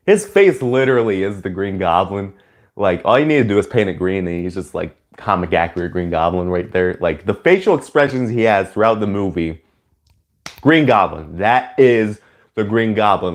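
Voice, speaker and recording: A man giving a casual, rambling spoken movie review, full of "like" and "you know", who breaks into loud high-pitched cheers when excited.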